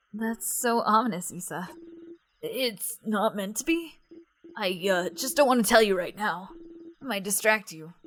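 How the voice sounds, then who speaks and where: A woman's voice: medium pitch, fairly bright tone, dry recording. A woman voicing an awkward, friendly young man in a game playthrough, hemming and hawing.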